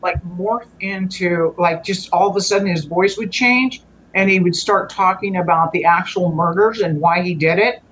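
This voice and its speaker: A woman's voice: lowish voice, normal speed, fairly bright tone, a little hiss or hum, poor audio. A woman, a guest on the show, telling a long personal story in earnest conversational style, restarting and correcting herself often. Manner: rambling, frequent restarts and self-corrections.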